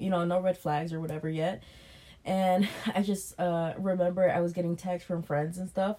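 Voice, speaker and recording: Profane, animated woman retelling a date. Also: lowish voice. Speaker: podcast co-host. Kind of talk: casual storytelling chat.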